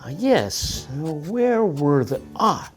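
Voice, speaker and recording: An American man with a rhotic accent co-teaching pronunciation, saying example words plainly and deliberately. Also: fairly high pitch, sing-song, faint music behind. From United States. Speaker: English teacher, co-host. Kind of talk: scripted pronunciation lesson.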